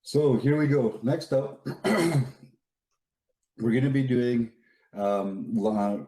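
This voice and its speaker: A man's voice: medium pitch, slow, pauses often, mellow, low-quality recording. A man hosting an online event, earnest and effusive, a little flustered and often restarting his sentences. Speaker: event host. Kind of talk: emotional live event hosting.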